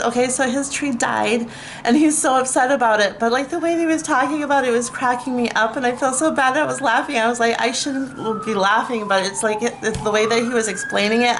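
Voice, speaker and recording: A woman's voice: fairly high pitch, fairly quick, fairly bright tone, a little hiss or hum. A woman vlogger ranting to camera, exasperated and swearing, with lots of fillers and bursts of laughter at herself. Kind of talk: casual rant to camera.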